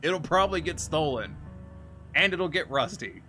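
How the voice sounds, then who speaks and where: A man's voice: on the high side, expressive, moderate pace, bright, forceful tone, soft background music. A man streaming and telling a story in a casual chat style, ranting with lots of profanity.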